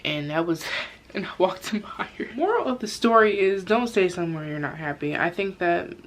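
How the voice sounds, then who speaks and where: A woman's voice: fairly low pitch, animated, a little fast, poor audio. A young woman telling a casual storytime vlog, rambling with lots of fillers and frank cursing. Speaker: vlogger. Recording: background noise.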